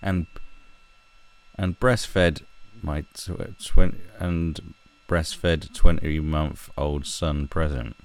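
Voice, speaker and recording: Hosting a livestream, a man reads a news story aloud and mocks it, tossing in sarcastic, profane asides as he rants. His voice rumbles low, speaks extremely slowly, and keeps a fairly even intonation.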